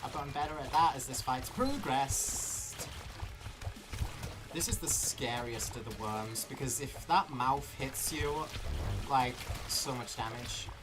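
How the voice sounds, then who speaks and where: A man streaming live gameplay, talking himself through it in an excitable, nervous way. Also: mid-range voice, measured pace. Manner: excitable, nervous self-talk. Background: game music.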